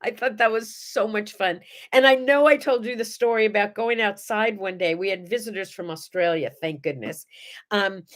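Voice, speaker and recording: A middle-aged woman hosting a morning show, chatting to viewers and telling animated stories. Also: mid-range voice, normal speed. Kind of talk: casual chat and storytelling.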